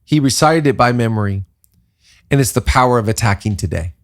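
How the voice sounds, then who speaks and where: A man with a gravelly, rough-edged voice hosts a leadership podcast. He talks in a lively preaching rhythm and stacks up repeated phrases to drive each point home. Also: mid-range voice, fairly quick. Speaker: podcast host, pastor. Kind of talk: casual leadership podcast talk.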